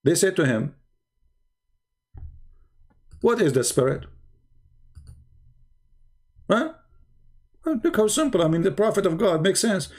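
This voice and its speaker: A man with a fairly high voice delivers a sarcastic, combative monologue on his own stream. He mocks and challenges his opponents, drops into slow deliberate asides, then jumps up into exasperated outbursts. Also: big pitch swings, a little mellow. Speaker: live-stream religious debater. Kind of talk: polemic monologue.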